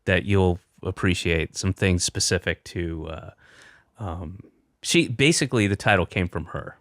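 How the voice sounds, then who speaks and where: A man's voice: sits low, measured pace, fairly bright tone, no room sound, clean studio sound. A middle-aged man, a comedian, chatting casually and telling a rambling story with offhand swearing. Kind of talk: casual chat.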